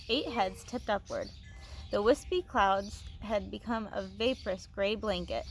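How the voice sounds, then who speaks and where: A woman teacher reading a novel aloud to her students, expressive, with small restarts, on a phone. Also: medium pitch, measured pace, faint music behind.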